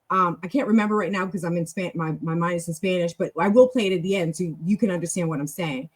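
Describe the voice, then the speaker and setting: A woman's voice: medium pitch, a little hiss or hum. A woman hosting a casual practice session, talking in a chatty, encouraging way that rambles with restarts. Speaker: host leading a language practice session. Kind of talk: casual teaching talk.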